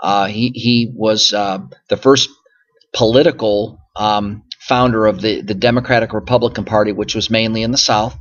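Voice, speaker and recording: A man's voice: fairly low pitch, steady tone, normal speed, dull audio. A male history teacher lecturing through slides, explaining patiently and often circling back with "so again" and "okay?". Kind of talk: recorded classroom lecture over slides.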